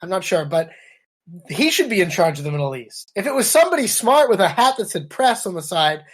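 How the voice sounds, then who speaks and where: A woman's voice: on the low side, big pitch swings, fairly quick, breathy edge. A woman co-hosting a political podcast, talking in a blunt, profane, sarcastic rant. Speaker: podcast co-host.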